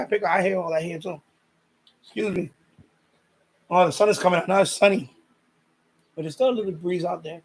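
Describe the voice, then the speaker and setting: Stream host, male, high-pitched voice, loose rambling chat that doubles back on itself and reads out viewer comments. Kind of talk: casual chat with live viewers.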